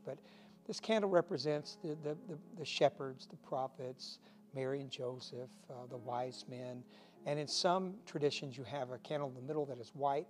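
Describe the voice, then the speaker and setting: A man's voice: fairly high pitch, a little mellow. A man preaching a short recorded devotional sermon as pastor, folksy and earnest, with self-deprecating asides.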